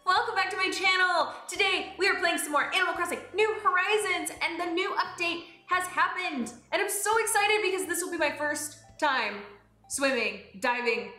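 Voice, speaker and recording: A young woman streaming a game, bubbly and excitable, swinging between high squeals and low mutters. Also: moderate pace, roomy sound, faint music behind. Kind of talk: live-streamed game play.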